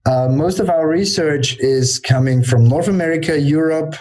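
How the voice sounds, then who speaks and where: A man's voice: on the high side, normal speed, darkish tone. Hesitant male interview guest. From Austria. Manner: hesitant, with frequent fillers. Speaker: guest, journal editor. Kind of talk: conversational interview answers.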